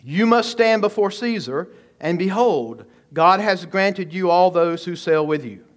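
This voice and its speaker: A man delivers an expository sermon in a fairly high voice. He is emphatic and asks his listeners rhetorical questions. He shifts between slow, weighty phrases and quicker stretches. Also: animated. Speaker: pastor.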